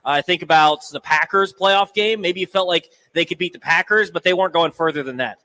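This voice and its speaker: A young man co-hosting sports talk radio, giving thoughtful, measured takes. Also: sits high, sharp tone, slight background noise. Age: young adult. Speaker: radio co-host.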